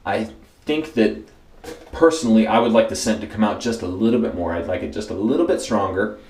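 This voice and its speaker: A relaxed man from the United States talks through a product review in a low, unhurried voice. Easygoing, he repeats words for emphasis and uses frequent loose fillers, and the roomy recording carries plenty of echo.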